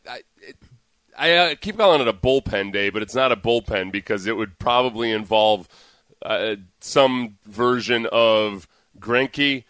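Sarcastic sports radio co-host, dry sound. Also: male voice, mid-range voice, fairly bright tone, no room sound.

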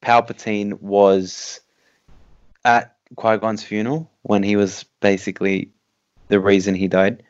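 A man's voice: on the low side, level tone, a little slow, clean tone. A man in a casual podcast chat, tentative, with many fillers and questions. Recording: dull, lo-fi sound.

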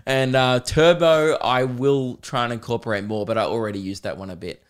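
A young man with an Australian accent talks through a casual podcast monologue. His voice is a medium pitch for a man. He swears freely and keeps amusing himself as he rambles. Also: steady tone, normal speed, smooth. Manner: swears freely, self-amused, breaks into laughter. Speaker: comedian podcast host.

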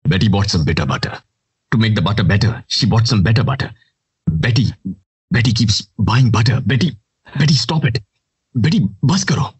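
A man's voice: lowish voice, animated, fairly quick, pauses often, breathy edge. A man doing an impression of a tough male action-movie star, improvising in clipped English and Hindi. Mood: exasperated.

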